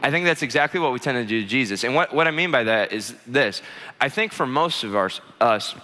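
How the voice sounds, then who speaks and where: A man preaching a sermon, telling a story in an animated, chatty way with many fillers. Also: medium pitch, brisk. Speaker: pastor. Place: church auditorium. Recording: long church hall reverb.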